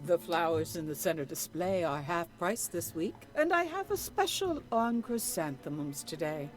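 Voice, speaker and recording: A wary flower shop owner. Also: female voice, fairly low pitch, very animated, moderate pace, soft background music. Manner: wary, clipped, formal. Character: guarded middle-aged woman flower shop owner. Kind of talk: voiced game dialogue.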